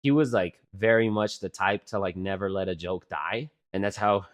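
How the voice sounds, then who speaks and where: His voice is low and his pace moderate; he's a man in his twenties co-hosting a podcast. In relaxed talk he tells meandering, profane stories, animated and full of fillers.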